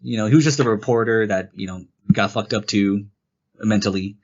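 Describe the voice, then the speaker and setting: A man with a lowish voice speaks briskly, though the recording is muffled. As co-host of an easygoing game review podcast, he recounts the story in a rambling, energetic way, acting out lines from the characters.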